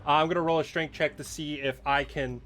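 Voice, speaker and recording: A man's voice: a little high, fairly even intonation, brisk, a bit bright. A man running a tabletop game as game master, explaining the rules in a playful way and laughing often as he acts out the monsters.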